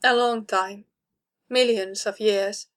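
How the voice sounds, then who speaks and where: A woman reading the part of an ancient, gentle alien man in a story, with calm and solemn speech. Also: medium pitch, slow pace.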